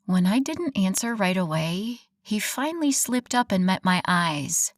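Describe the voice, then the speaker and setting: A woman narrating a first-person romance audiobook in an expressive, wry storytelling manner. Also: mid-range voice, a little slow, few pauses, no room sound, studio quality.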